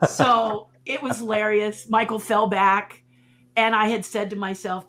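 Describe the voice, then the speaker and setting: Woman, middle-aged, puppeteer, interview guest, animated storyteller, laughs often. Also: mid-range voice, unhurried. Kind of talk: casual anecdote in an interview.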